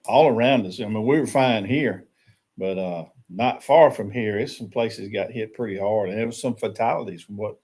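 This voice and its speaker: A man's voice: lowish voice, normal speed, a little mellow, slightly rough. Easygoing man chatting over coffee. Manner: easygoing, laughs often, greets viewers by name. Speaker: livestream host. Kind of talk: casual morning chat. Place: small shed used as a tiny house.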